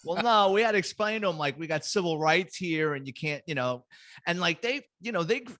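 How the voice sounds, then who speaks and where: A middle-aged man, a retired police detective, telling lively, profane anecdotes as a guest in a casual chat. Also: high-pitched, brisk.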